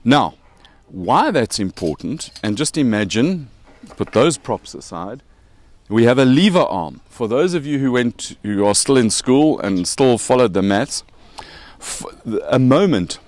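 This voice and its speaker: A man's voice: mid-range voice, very animated, unhurried, darkish tone. A man with a South African accent hosting a casual show, explaining with props and joking along the way. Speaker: podcast host.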